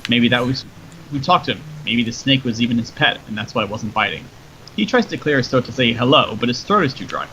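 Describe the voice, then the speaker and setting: A man reading a story aloud in a steady, descriptive narration, in a dull lo-fi recording with faint noise. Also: medium pitch, quick pace. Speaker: story reader.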